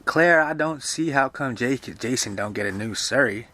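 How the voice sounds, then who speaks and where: A man's voice: mid-range voice, expressive, normal speed, pushed and bright, pitched above the performer's own voice. A man voicing a no-nonsense older woman housekeeper who scolds and gives orders. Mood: grumbling. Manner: scolding, commanding.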